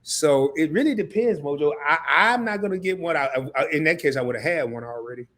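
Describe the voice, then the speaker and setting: Excitable man hosting a live stream. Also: on the high side, fast. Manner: excitable, talks straight to the chat; repeats himself, restarts often. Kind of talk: casual live stream chat.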